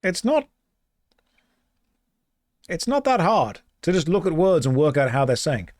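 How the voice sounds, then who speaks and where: A man's voice: a little high, very animated, a little slow, darkish tone, no room sound, clean studio sound. A man streaming a game, reading chat aloud and answering in a playful, exasperated way. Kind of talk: casual gaming stream chat.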